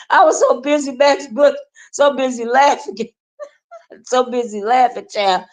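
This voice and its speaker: A woman's voice: sits high, a little slow. A woman streamer giving a casual, meandering commentary monologue, full of fillers and restarts. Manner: chatty, meandering, with many fillers; loud mocking imitations, laughing.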